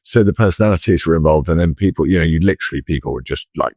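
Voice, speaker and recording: Very deep-voiced man, rambling and jokey. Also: rapid-fire, darkish tone, slightly rough, no room sound, clean studio sound. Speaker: podcast co-host. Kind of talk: casual chat.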